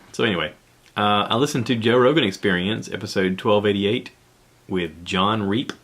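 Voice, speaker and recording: A man's voice: on the low side, normal speed, long pauses. A man, hosting a casual solo podcast from home in a rambling, easygoing way with frequent chuckles. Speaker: podcast host.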